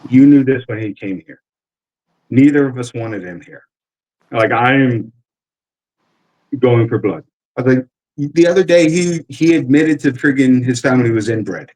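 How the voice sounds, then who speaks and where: A man's voice: medium pitch, normal speed, pauses often, low-quality recording. A man with a New York accent telling profane army stories in casual chat, acting out what others said. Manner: profane, animated, acts out quotes.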